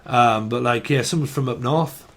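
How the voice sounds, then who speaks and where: A man's voice: mid-range voice, moderate pace, a bit bright. A man from northern England, giving a casual tarot reading, rambling and free-associating on words with lots of swearing and laughter. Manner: laughs often. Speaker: tarot reader.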